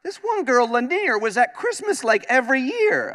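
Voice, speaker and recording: Man, from upstate New York, comedic keynote speech, animated storytelling, very lively pitch, long reverb of a big hall. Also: normal speed. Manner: animated storytelling, acts out his own lines. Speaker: radio host giving a speech. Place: large conference hall.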